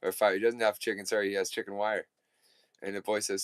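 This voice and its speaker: A man's voice: lowish voice, flat delivery, fast, no echo. Male live radio host, rambling folksy joke-teller, self-correcting.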